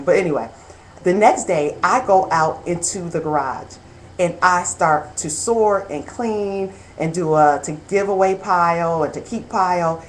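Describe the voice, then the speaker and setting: A woman in her thirties hosting a show, telling a personal story in an earnest, animated way, quoting herself as she goes. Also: fairly low pitch, a little hiss or hum, poor audio. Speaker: host. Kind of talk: personal testimony monologue.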